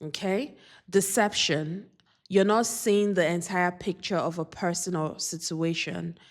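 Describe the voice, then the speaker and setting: A woman's voice: fairly low pitch, steady tone. A woman doing a spiritual oracle card reading, speaking earnestly and repeating affirmations. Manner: slow, repetitive, earnest affirmations.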